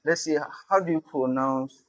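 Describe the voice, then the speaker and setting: Male instructor, slightly high voice, sounds out words and thinks aloud while teaching. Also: moderate pace, poor audio. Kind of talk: online lesson on spelling.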